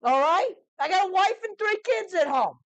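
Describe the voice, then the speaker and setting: A woman voicing a frantic male merchant who was hired as a carriage guard and shouts his excuses. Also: extremely high pitch, lively intonation, normal speed, dry recording, voice pushed up, exaggerated voice. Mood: panicked.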